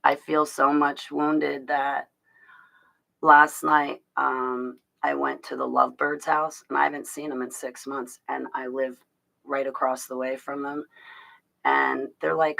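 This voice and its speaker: A woman's voice: extremely low pitch, flat delivery, measured pace, creaky, bright, forceful tone, poor audio. A woman hosting a casual livestream, rambling and confiding in her viewers, with restarts and laughs. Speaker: livestream host talking to her chat.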